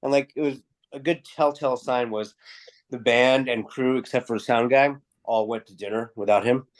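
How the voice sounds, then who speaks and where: A man, a music promoter, telling animated backstage anecdotes in a casual interview, acting out dialogue and swearing freely. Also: mid-range voice, normal speed.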